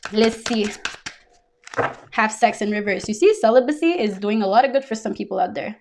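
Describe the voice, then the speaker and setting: A woman's voice: fairly high pitch, animated, normal speed, pauses often, slight background noise. A woman giving a casual tarot reading, talking bluntly with lots of fillers and swearing. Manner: blunt, profane, full of fillers. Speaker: tarot reader.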